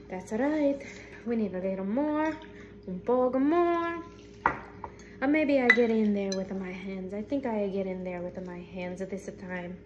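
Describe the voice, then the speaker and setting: A woman's voice: fairly high pitch, noisy background, natural voice. A woman putting on a brash Italian-American grandpa accent. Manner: loud, playful, sprinkles in Italian words. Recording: kitchen clatter of dishes and utensils.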